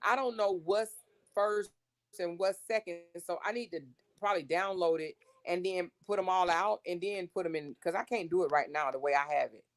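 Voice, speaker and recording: A woman's voice: lowish voice, normal speed. A woman hosting a casual livestream, reading text messages aloud to her viewers in an exasperated, blunt way and swearing freely. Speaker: livestream host.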